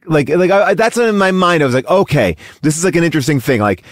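A man co-hosting a movie podcast in a mid-pitched voice that swings widely as he rambles and restarts his thoughts. The sound is dry and close, with no room around it. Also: animated, quick pace, no echo. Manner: rambling, many restarts, breaks into character voices. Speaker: podcast co-host. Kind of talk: casual film discussion.

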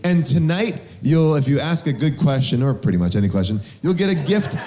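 A man's voice: on the high side, lively intonation, a little fast, warm tone. Rambling man hosting a live crowd. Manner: loose, rambling, joking with filler words. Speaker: podcast host. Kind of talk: live show banter with audience. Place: live venue with audience.

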